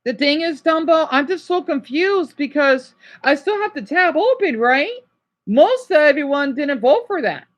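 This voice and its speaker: A man's voice: very high-pitched, sing-song, moderate pace, fairly bright tone. A man ranting at his livestream chat, agitated and exasperated, scolding and sighing with tiredness.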